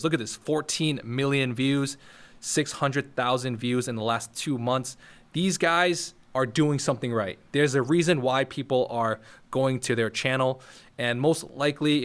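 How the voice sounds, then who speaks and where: A man's voice: medium pitch, fairly bright tone. Man coaching beginners, direct and upbeat. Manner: coaching, direct, repeats "all right?". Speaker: YouTube tutorial host. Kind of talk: casual how-to talk to camera. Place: office next to a firehouse.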